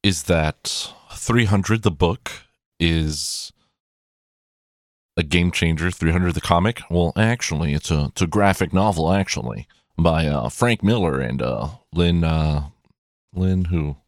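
A man's voice: low-pitched, takes it slowly, dry recording, studio quality. A man rambling through casual commentary on a film from his own collection, with many fillers and restarts. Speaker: movie collection reviewer.

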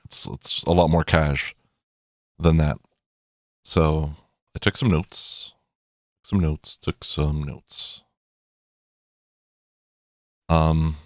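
A man with a deep voice rambles through casual video commentary reviewing his movie collection, hesitating often with many restarts and fillers. The audio is clean studio sound without echo.

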